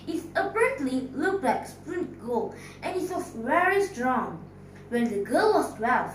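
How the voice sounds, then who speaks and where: Teacher lady telling a fairy tale, high lively voice, slow, echoey room, mic far off. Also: slight background noise. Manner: expressive, dramatic storyteller asking the audience questions. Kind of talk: storytelling competition performance.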